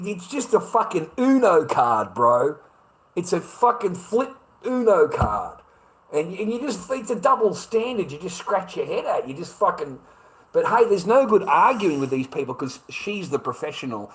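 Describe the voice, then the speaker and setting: Aussie guy ranting to camera, swears a lot, trips over his words, kinda high pitched. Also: poor audio. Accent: Australian. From Australia. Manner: profane, repetitive, stammers on restarts. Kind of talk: ranting monologue.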